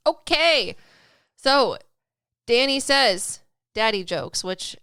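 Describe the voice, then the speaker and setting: A woman's voice: medium pitch, moderate pace, a bit bright, smooth, dry recording, clean studio sound. A woman co-hosting a podcast, chatting casually, laughing often and trailing off as she reads listener stories and reviews. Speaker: podcast co-host.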